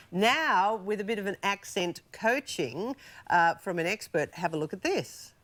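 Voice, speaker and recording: A woman hosting a daytime TV interview, chatty and quick to jump in. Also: mid-range voice, animated, fairly bright tone, faint music behind. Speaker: TV talk show host. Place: TV studio.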